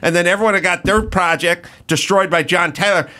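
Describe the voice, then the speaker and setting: A man's voice: sits high, fairly quick, pushed and bright. A middle-aged man hosting a podcast, telling rambling, profane stories with mock outrage in a casual chat. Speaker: podcast host.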